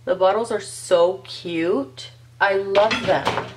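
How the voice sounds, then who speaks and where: A woman's voice: mid-range voice, slow, background noise. Gushing woman unboxing nail polish. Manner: gushing, excitable, talks to viewers. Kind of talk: casual unboxing chat.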